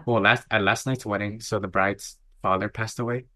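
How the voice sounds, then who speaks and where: A man's voice: on the low side, normal speed. A young adult man, a wedding filmmaker chatting as podcast co-host, telling stories animatedly and filling with "like". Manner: animated storytelling, filler-heavy. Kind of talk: casual podcast chat.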